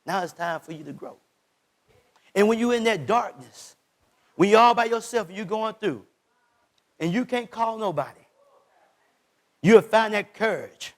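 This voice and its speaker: A man with a high, ringing voice, his delivery full of passion. He shouts some lines and drops others almost to a whisper, and he speaks God's words in the first person as he drives the message home. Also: animated, unhurried, pauses often. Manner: impassioned preaching, voicing God's words, swings from shouts to hushed lines. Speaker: pastor. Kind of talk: sermon.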